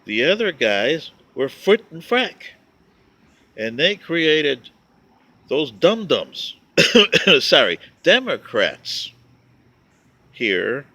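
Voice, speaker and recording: A man vlogging, telling a wry, joking story with drawn-out emphasis on his punchlines. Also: on the high side, sing-song, sharp tone, no echo. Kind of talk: casual storytelling monologue.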